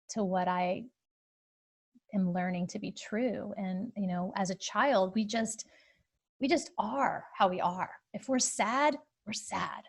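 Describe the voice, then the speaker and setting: A woman's voice: mid-range voice, a little mellow. A woman in her thirties hosting a podcast, telling a personal story in an open, searching way with plenty of fillers and restarts. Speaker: podcast host.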